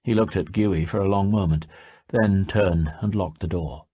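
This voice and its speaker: A man narrating a fantasy audiobook in a steady storytelling manner. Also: sits low, moderate pace, slightly rough, dry recording. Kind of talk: scripted narration.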